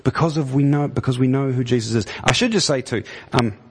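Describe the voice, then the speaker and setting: A man delivers a conversational sermon, his husky voice carrying a long echo through the church hall. He stumbles and restarts often, then rises into pointed, emphatic questions. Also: medium pitch, brisk. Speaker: preacher.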